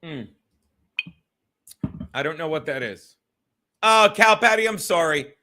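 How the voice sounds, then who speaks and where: A man's voice: a little high, animated, takes it slowly, long pauses, pushed and bright, slight background noise. A male host chatting casually on a livestream, rambling and talking straight to his viewers in the chat. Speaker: podcast host reading live chat.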